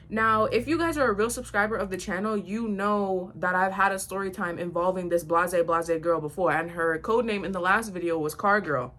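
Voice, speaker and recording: Young woman, blunt storyteller, animated quoting of others, close phone mic. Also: mid-range voice, normal speed, few pauses, slight background noise. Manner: blunt, animated retelling with quoted voices. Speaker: vlogger. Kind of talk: storytime while getting ready.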